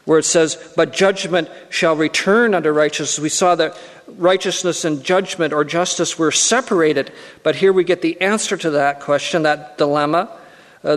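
A man preaching in an earnest way, pressing his point by repeating key phrases. His voice sits fairly high for a man. The sound rings with the long reverb of a church hall. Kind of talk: sermon.

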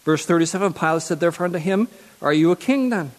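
Man, preacher, sermon, high pitch, reads verses then repeats phrases for emphasis, long hall reverb. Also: expressive, fast.

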